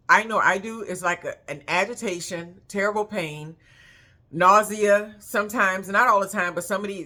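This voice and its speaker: A woman's voice: on the low side, sharp tone. Earnest woman giving heartfelt advice. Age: adult with children. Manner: earnest, reflective, encouraging. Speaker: spiritual vlogger. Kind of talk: casual heartfelt monologue.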